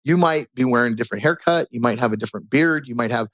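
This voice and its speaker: A man guest on a podcast, talking in a casual, animated way and teaching through stories and rhetorical questions. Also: mid-range voice, fast, no echo. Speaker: podcast guest, transformation coach. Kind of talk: casual conversational interview. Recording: dull lo-fi sound.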